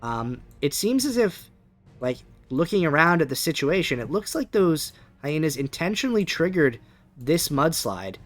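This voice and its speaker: A man's voice: fairly high pitch, sing-song, normal speed, faint music behind. A man narrating a tabletop game as game master, rambling with many fillers. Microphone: webcam setup.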